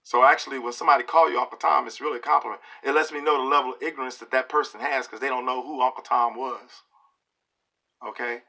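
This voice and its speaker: A middle-aged man giving an opinion monologue to camera, emphatic and preachy, often pausing to ask "okay?". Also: medium pitch, fairly even intonation, vocal fry, pushed and bright. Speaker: video blogger.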